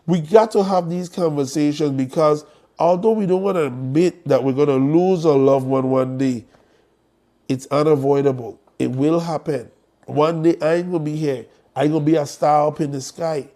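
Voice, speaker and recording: Male host, warm and higher-pitched, blunt and joking on a live stream. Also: normal speed. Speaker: host promoting an estate planning conference.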